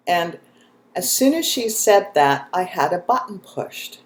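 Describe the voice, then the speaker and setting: Woman host, animated storyteller, laughs easily, recorded in a roomy space. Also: lowish voice, unhurried. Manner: animated, laughs often, tells stories. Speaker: host, spiritual channel. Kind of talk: casual chat, storytelling.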